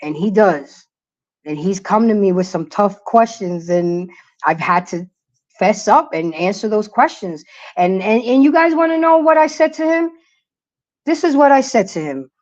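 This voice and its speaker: A woman's voice: mid-range voice, expressive, normal speed, darkish tone. A middle-aged woman hosting a casual livestream, talking emphatically and preaching to her viewers while greeting the chat. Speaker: livestream host. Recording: lo-fi dull audio.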